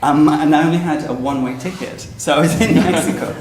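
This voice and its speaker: A man's voice: fairly high pitch, fast, background noise. A man in his thirties, an author, talks chattily and theatrically and laughs often during a book launch interview on stage. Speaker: author guest. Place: event venue before an audience. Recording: roomy hall.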